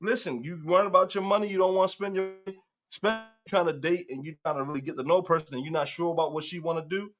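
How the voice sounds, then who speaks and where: Animated storytelling man, fairly high voice. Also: quick pace, over music. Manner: animated, acts out quotes, laughs often. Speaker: host. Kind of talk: casual storytelling commentary.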